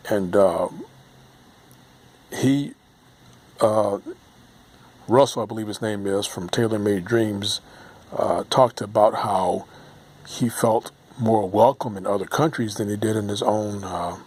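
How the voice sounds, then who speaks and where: A man in his late forties from the United States, speaking in a lowish voice. He reminisces in a loose, rambling way, often pausing on ums and restarting his sentences. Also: darkish tone, slightly rough. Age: 40s. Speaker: vlogger. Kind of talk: casual reminiscing monologue.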